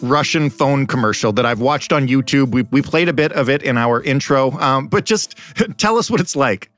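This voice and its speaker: A man hosting a podcast interview, asking questions in a relaxed, slightly wry way. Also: medium pitch, moderate pace, faint music behind. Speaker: podcast host.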